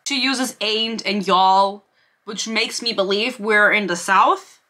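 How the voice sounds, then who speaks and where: A woman's voice: mid-range voice, slow pace, sharp tone. Sarcastic young woman reviewing a book. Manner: sarcastic, swearing, laughing asides. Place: bedroom desk. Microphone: desk camera.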